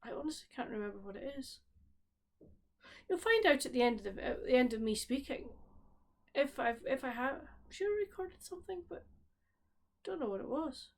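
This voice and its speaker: A Scottish woman talks to her camera in a loose, conversational way, her voice sitting a little higher than most. She wanders through her thoughts, stopping mid-sentence and starting again, as a home book vlogger catching up with her viewers. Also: sing-song, moderate pace. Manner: rambling, breaks off and restarts sentences. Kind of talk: casual chat. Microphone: solo camera recording at home.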